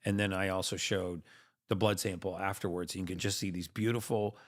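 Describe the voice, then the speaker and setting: A man's voice: sits low, fairly even intonation, a little fast. A man talking with gauze in his mouth and a half-numb tongue, so his speech sounds a little muffled, as he steadily explains what the slide shows. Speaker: host, patient after tooth extraction. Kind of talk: casual explanation at a microscope.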